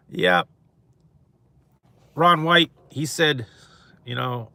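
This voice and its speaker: Chuckling man chatting, bright and dry. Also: medium pitch, very animated, extremely slow, gravelly, long pauses, dry recording. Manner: rambling, chuckling often. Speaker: mukbang host. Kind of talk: casual chat to live viewers.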